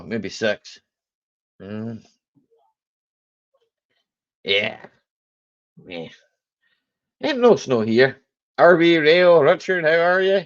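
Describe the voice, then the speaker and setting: A man's voice: medium pitch, dull audio. A man hosting a casual live chat stream, joking and laughing a lot as he answers viewers. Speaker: livestream host.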